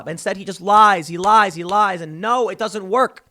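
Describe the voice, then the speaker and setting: A man's voice: high voice, moderate pace, bright, forceful tone. A man giving a heated solo political commentary, mocking and sarcastic as he talks.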